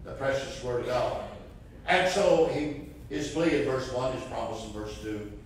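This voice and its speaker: With a medium-pitched voice at a moderate pace, a man delivers a fervent sermon that swells into impassioned cries. The recording was made far away in a church sanctuary, so it echoes roomily, and there's slight background noise.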